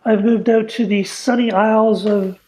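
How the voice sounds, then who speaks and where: A man hosting a radio show, chatting in a relaxed, halting way with lots of fillers. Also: high voice, slight background noise, low-quality recording. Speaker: podcast host. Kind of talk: casual chat. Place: home studio, newly moved.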